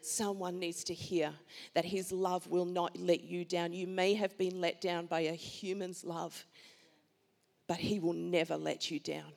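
A woman's voice: on the low side, flat delivery, a little slow, vocal fry, darkish tone. A middle-aged woman who is a panel guest, speaking earnestly and fervently about faith. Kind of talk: faith talk.

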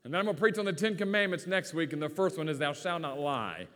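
A country-accented pastor preaches a sermon in a relaxed, folksy storytelling style. His voice sits a little higher than most men's. It rings with the long reverb of a church sanctuary. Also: very fast. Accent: rural Virginia.

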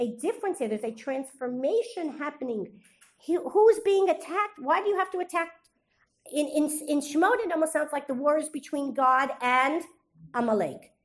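A woman teaching a Torah class, reading Hebrew verses aloud and quizzing her students with questions she then answers. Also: high voice. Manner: reads Hebrew verses aloud between explanations.

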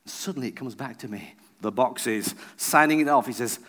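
A man's voice: medium pitch, brisk, few pauses, a bit bright. A man preaching a sermon as a visiting preacher, telling a personal story and acting out the people he quotes.

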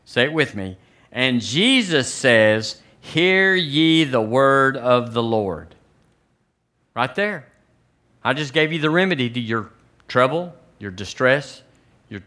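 A middle-aged male pastor with a Southern American accent, preaching a sermon with slow, emphatic repeats and calls for the congregation to say it with him. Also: medium pitch, pushed and bright.

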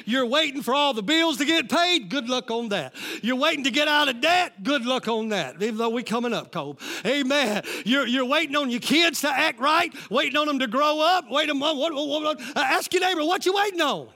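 A man preaching a sermon as lead pastor, calling out to the congregation and shouting rising lines. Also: very high voice, animated, fairly quick, hardly any pauses.

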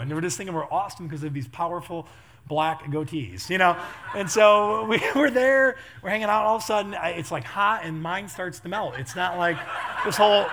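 Talking fast in a high voice, a middle-aged pastor delivers a storytelling sermon packed with humorous anecdotes, laughing and acting out people's quotes with animation. There's slight background noise.

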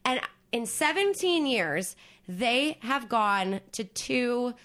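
Bright, animated woman chatting. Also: fairly high pitch, slow pace. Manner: animated, profane, rambling with many fillers. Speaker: podcast co-host. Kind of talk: casual chat.

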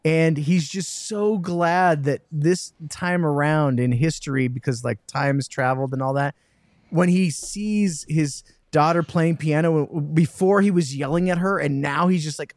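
A man hosting a podcast, telling stories in a lively, self-mocking way. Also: fairly high pitch, a little slow, no room sound, clean studio sound. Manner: animated, self-mocking storyteller. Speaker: podcast host. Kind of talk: casual chat.

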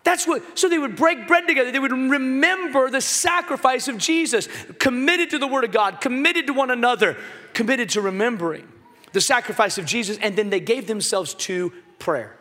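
A man preaches to his congregation in a very high, bright voice, breaking into jokes and then rising to a shout on the lines he wants to land. His sermon rings with the long reverb of a big hall. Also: moderate pace. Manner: animated, joking preacher who shouts key lines. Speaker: pastor.

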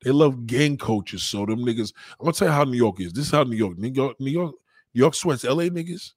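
A young man chatting casually with viewers on a livestream, rambling in profane street talk and giving shout-outs. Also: mid-range voice, expressive, a little fast, husky, no room sound. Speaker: livestream host.

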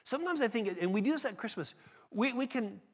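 A man's voice: very high voice, lively intonation, fast. A man preaching a sermon in a conversational, emphatic way, often restarting his phrases. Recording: long hall reverb.

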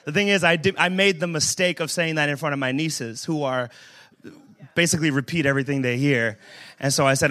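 A man preaching at a church service uses a fairly high voice and a slightly fast pace. The sermon is humorous and conversational; he jokes with the congregation and works up to emphatic shouts.

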